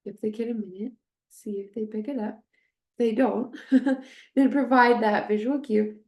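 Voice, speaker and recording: A woman teaching a speech-therapy technique, speaking hesitantly with many fillers and slowly modeling short phrases with strong stress. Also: medium pitch, fairly even intonation, vocal fry, a little mellow. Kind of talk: instructional demonstration.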